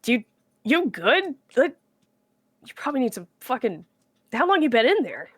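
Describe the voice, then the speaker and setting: A blunt woman role-plays her character in a tabletop game and swears casually as she goes. Her voice is fairly high and very expressive, and it sounds close and dry with no room echo. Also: moderate pace, slightly rough.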